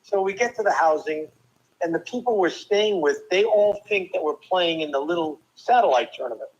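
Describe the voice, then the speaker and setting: An older man from New Jersey, a former tennis player and guest, telling lively stories with quick asides and restarts. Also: high-pitched, lo-fi sound. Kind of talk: casual storytelling interview.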